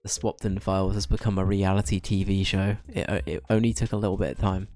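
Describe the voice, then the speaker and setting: A young man streaming a game, joking and chatting casually with quick asides. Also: low voice, fairly even intonation, a little mellow. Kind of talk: casual gaming commentary.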